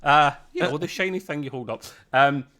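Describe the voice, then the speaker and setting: A man's voice: a little high, normal speed, fairly bright tone. A man co-hosting a casual podcast review, chatty and laughing often, with many fillers. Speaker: podcast co-host.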